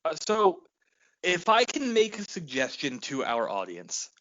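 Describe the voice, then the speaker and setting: A man co-hosting a podcast in casual chat, excitable and swearing, laughing often and acting out quotes. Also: a little high, unhurried, dry recording. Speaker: podcast co-host. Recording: dull lo-fi sound.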